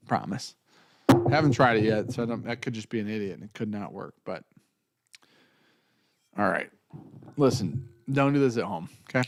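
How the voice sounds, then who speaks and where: A man's voice: medium pitch, slight background noise. A man hosting a casual whiskey tasting, talking in a loose, joking way with plenty of swearing. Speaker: whiskey show host.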